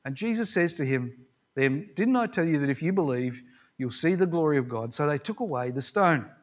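A man preaching a sermon with a slightly higher voice than most men. He talks in a conversational, reflective way and retells a scripture story with the odd restart. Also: animated, normal speed.

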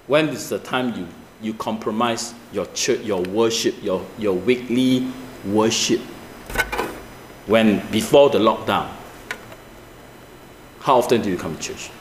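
A male pastor, preaching with animated swings from high emphatic peaks to low asides, asking the congregation rhetorical questions. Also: unhurried, pauses often, a little hiss or hum. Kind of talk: sermon. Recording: echoey church room with faint ambience.

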